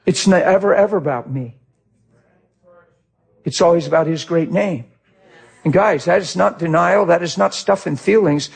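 A middle-aged male pastor preaching a sermon with passion, swinging from shouts to quiet, heartfelt talk. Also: sits high, normal speed, gravelly, pauses often, husky.

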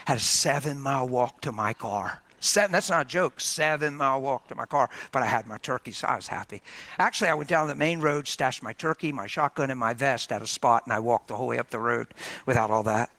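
A man preaching a sermon, telling a story in an animated, jokey way and often exclaiming. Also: medium pitch, brisk.

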